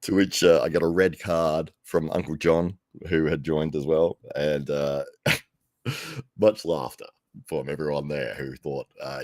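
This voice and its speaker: A man's voice: very deep voice, a little slow, darkish tone, dry recording, clean studio sound. A middle-aged man working as an arm wrestling commentator tells a rambling, casual story, chuckling often and growing livelier when he quotes himself.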